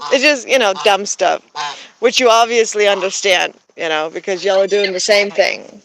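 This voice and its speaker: A woman in her thirties, an American who grew up in Germany and is bilingual in German and English, vlogs about backyard poultry. Her mid-range, fairly bright voice goes a little fast over poor audio with slight hiss or hum, and her casual chat is full of laughter, ums and restarts.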